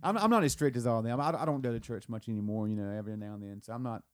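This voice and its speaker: A man's voice: medium pitch, racing, no room sound. Southern guy on a podcast, rambling, restarts a lot, dry close mic. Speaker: podcast co-host. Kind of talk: casual chat.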